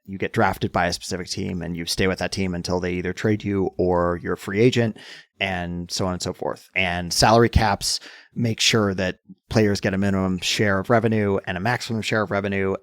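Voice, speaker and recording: A hoarse man co-hosting a podcast, explaining things in casual chat and getting animated at times. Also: on the low side, dry recording, clean studio sound. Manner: explanatory, gets animated and mock-indignant. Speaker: podcast co-host.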